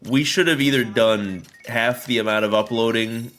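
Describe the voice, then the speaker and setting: A man's voice: mid-range voice, normal speed, fairly bright tone. A man streaming a video game, rambling through casual commentary full of jokes and swearing. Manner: joking, profane, rambling.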